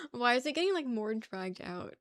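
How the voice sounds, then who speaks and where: A woman's voice: a little high, big pitch swings, measured pace, a bit bright, dry recording, studio quality. A young woman from New York with a New York accent, chatting casually with her stream viewers, teasing them and laughing often.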